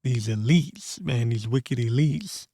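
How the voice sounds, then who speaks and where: Male host with a warm, low-toned timbre, blunt and profane in casual talk, reads verses slow and deliberate; dry, close recording. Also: no echo. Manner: blunt and profane, peppers speech with "man"; reads scripture slowly and deliberately. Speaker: host of a prophecy commentary channel. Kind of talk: casual scripture commentary.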